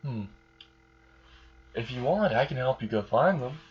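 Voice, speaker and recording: A man's voice: mid-range voice, expressive, measured pace, husky. Brief: casual polite young man, read by a man, plain mid voice, muffled recording.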